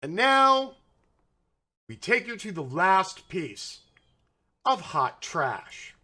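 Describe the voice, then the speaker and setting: A man's voice: on the high side, pushed and bright. A man hosting political commentary, ranting in a sarcastic, mocking way and swearing freely.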